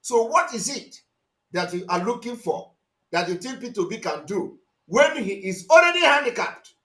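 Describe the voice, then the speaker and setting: A Nigerian man speaking in a very high, bright voice, commenting on played clips with mounting passion. He fires off rhetorical questions and breaks into shouts. The sound bounces around an echoey room. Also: sing-song, moderate pace. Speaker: commentator on a live stream.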